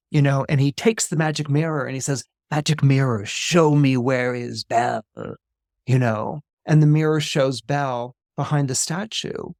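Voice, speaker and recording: Animated man retelling a film scene. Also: fairly high pitch, no echo, studio quality. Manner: animated, conversational, many fillers and restarts. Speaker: astrologer guest. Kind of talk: casual podcast storytelling.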